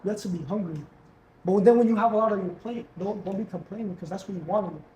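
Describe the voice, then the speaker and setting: A man's voice: high-pitched, quick pace, warm tone, roomy sound, a little hiss or hum, rough recording. A young man, a guest entrepreneur, talking casually and earnestly about hustle and faith, repeating himself for emphasis. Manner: earnest, repetitive, slangy pep talk. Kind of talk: casual motivational talk.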